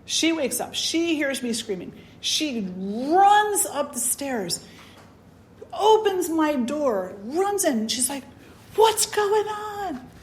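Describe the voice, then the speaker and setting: Woman spiritual teacher, conversational storyteller, animated and filler-heavy. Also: high voice, slow pace, a little hiss or hum. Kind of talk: storytelling talk.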